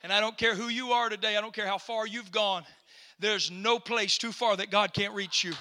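A male pastor preaching a sermon in a church, punctuating phrases with 'uh' and building up to shouting. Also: high voice, steady tone, moderate pace, a little hiss or hum. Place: church sanctuary during a service.

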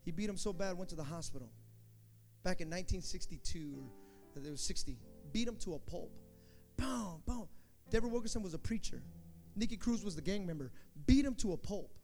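Animated high-voiced man preaching. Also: fairly quick, faint music behind. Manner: animated storytelling, acting out shouts and quotes. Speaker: pastor. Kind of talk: sermon.

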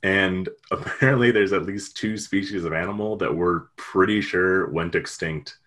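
A man's voice: sits low, moderate pace, a bit bright. A man retelling a story in casual chat, rambling and jokey, with lots of fillers.

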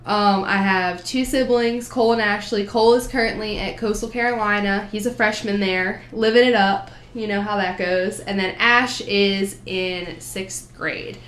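A woman's voice: medium pitch, fairly even intonation, normal speed, hardly any pauses, a bit bright, reverberant. A woman in her twenties with a New Jersey accent, a podcast guest telling her story in an earnest, upbeat way. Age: 20s. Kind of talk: casual chat.

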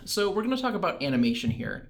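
A man co-hosting a podcast, analysing animated films in a measured, structured way. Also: sits high, vocal fry. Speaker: podcast co-host.

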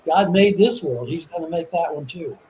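High-pitched male Bible teacher, earnest and excitable, halting restarts, faint room noise. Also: poor audio. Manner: earnest, enthusiastic, restarts and repeats words. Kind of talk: casual religious discussion.

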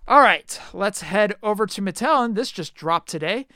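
A man's voice: high-pitched, expressive, moderate pace, bright, forceful tone, no room sound, studio quality. A man co-hosting a podcast, chatting casually and teasingly about collectible figure news. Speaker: podcast co-host.

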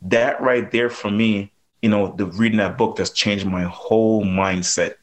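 A man's voice: on the low side, steady tone, measured pace. A man with a Jamaican accent, a plumber and landlord, talking loosely with lots of fillers as a podcast guest. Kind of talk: casual podcast interview.

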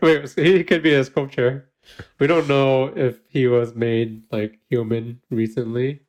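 A man's voice: mid-range voice, flat delivery, measured pace, darkish tone. A man co-hosting a podcast in casual chat, joking and laughing often. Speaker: podcast co-host.

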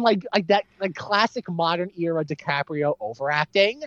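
A man co-hosting a podcast, ranting rapidly and animatedly about films with a constant stream of "like". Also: on the high side, no room sound, muffled recording. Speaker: podcast co-host. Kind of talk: casual film chat.

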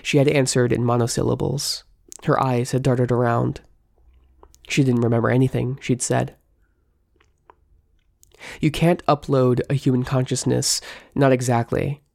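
A woman reading first-person fiction aloud in a tense, measured storytelling manner. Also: very deep voice, level tone, gravelly, darkish tone, dry recording, studio quality. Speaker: narrator.

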